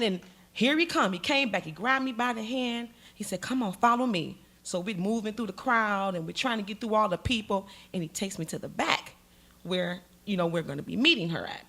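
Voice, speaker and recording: A middle-aged woman telling a story on stage, dramatic and animated, acting out the voices in it. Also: medium pitch. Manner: animated, dramatic, acts out every voice. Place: stage in a museum hall.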